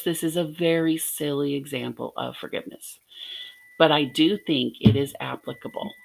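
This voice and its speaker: A woman's voice: deep voice, gravelly, a bit bright, slightly rough. A middle-aged woman from Arkansas teaching a devotional lesson, telling a personal story in an earnest way with light laughs. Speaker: podcast teacher.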